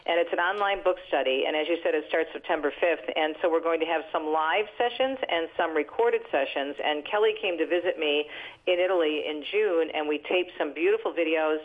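A woman's voice: deep voice, brisk. Older woman on a tinny phone line. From New Jersey, US. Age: 60s. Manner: lively, animated storyteller with laughs. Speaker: radio talk show host and author, guest. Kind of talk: phone-in interview, storytelling.

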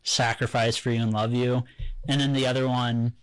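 A man talking through ideas on a faith podcast in a wry, reflective tone. His voice is mid-pitched, and it sounds dry and close, with no room echo. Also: flat delivery, normal speed, clean tone. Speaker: podcast co-host. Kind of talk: casual faith discussion.

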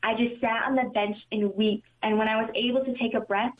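An earnest young woman tells her faith testimony quickly, her voice sitting a little high. The sound is thin and tinny, as if heard over a phone. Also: fairly even intonation, a little hiss or hum. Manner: earnest, quick, often says "super" and "like". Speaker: community member giving testimony.

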